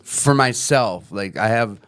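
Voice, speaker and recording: A man with a fairly low voice hosting a relaxed recovery chat. He speaks earnestly and plainly, with loose, wandering phrasing. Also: takes it slowly.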